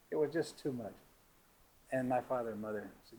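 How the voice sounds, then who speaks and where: An older man from Georgia telling a personal story to listeners, lively and laughing, his voice rising high at the funny moments. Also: brisk, long pauses, breathy edge, poor audio. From Georgia, USA.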